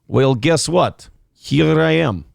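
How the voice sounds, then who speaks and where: Gravelly mock-Russian strongman, cocky broken English, as a morning radio host puts it on; dry and close. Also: on the high side, lively intonation, slow pace, no echo, full character voice. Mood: boastful. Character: gruff boastful Russian strongman leader, adult man.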